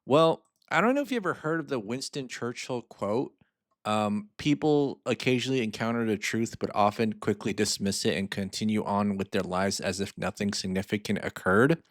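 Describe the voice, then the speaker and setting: A man's voice: lowish voice, moderate pace, no room sound, studio quality. A man hosting a personal finance channel, talking casually with lots of asides while he walks through a spreadsheet. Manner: chatty and informal, lots of fillers and asides. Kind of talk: casual explainer.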